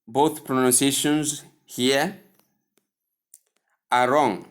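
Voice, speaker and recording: A male pronunciation teacher with a Nigerian English accent speaks slowly and deliberately. He sets words side by side in a formal, classroom manner, his voice sitting at an ordinary middle pitch. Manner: formal, repeats words with careful contrasts. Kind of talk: slow deliberate pronunciation lesson.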